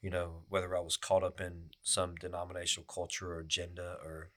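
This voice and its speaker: A man with a very low voice speaks in a podcast chat. He is earnest and preacherly, with frequent restarts and repeated words. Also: monotone, fairly quick, a bit bright.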